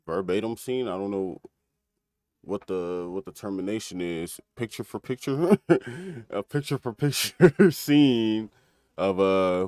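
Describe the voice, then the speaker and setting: A man's voice: low-pitched, darkish tone, no room sound. A man casually recapping an episode on a stream, rambling with fillers, restarts and laughter.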